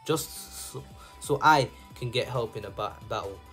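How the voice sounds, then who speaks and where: A man's voice: mid-range voice, a little slow, fairly bright tone, natural voice. A man voicing a stern, defiant teenage ninja boy, reading with stumbles and restarts, with faint music behind. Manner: stumbling over words while reading.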